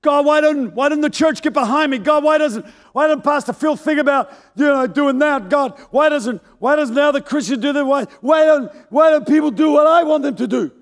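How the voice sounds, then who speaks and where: A man voicing a frantic, resentful woman hostess, shouting in a shrill, panicky way. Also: brisk, hardly any pauses, big-room sound.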